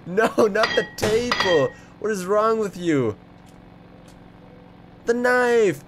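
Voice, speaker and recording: A man giving excitable let's play commentary, exclaiming and rambling as he goes. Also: high voice, slow, pauses often. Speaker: gaming video creator. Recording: clear background game noise.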